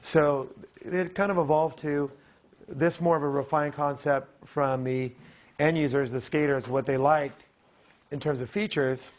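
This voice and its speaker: Hoarse male presenter, slightly high voice, explanatory and filler-heavy, public meeting. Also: steady tone, unhurried. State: hoarse, losing his voice. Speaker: design firm presenter.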